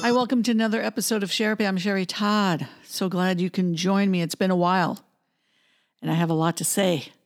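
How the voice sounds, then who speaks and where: A woman's voice: medium pitch, steady tone, a little fast, soft background music. A woman hosting a podcast, talking bluntly and with indignation, swearing now and then. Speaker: podcast host. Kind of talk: opinion podcast monologue.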